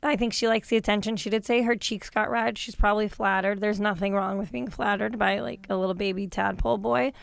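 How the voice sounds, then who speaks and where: A woman's voice: medium pitch, steady tone, creaky, smooth, no room sound. A woman comedian, a guest in a casual podcast chat, who talks bluntly, swears freely and laughs often. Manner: blunt, profane and quick to laugh.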